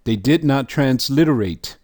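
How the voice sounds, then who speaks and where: A man's voice: mid-range voice, expressive, a little slow, a little mellow, dry recording, studio quality. A man teaching a lesson, walking the listener through a chart and asking questions as he goes. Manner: asks the listener questions, emphatic.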